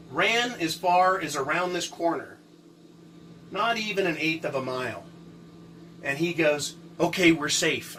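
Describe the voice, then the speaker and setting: Male storyteller, bright and a bit high, casual and animated, some distance from the mic. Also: a little hiss or hum. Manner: animated, repeats words, keeps asking right?. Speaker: vlogger telling a personal encounter story. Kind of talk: casual first-person storytelling.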